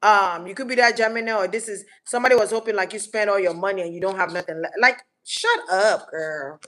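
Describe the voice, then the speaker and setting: A woman's voice: medium pitch, steady tone, quick pace, a bit bright. A woman giving a casual collective tarot reading, blunt and slangy, swearing freely and repeating words for emphasis. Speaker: tarot reader.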